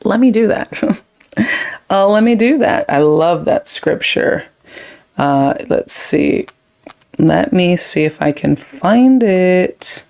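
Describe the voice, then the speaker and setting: Woman host for a live chat, a bit low-pitched, emotional and effusive, quick and rambling. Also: animated, gravelly, darkish tone. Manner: effusive, emotional, thanks viewers often; quick, chatty, drifts between topics. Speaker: livestream host. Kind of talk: casual live chat reading comments.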